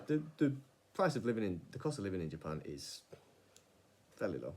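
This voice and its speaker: A man, casually telling a personal story in a rambling, animated way, with frequent restarts and some swearing. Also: low-pitched, a little fast, long pauses, breathy edge. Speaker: vlogger.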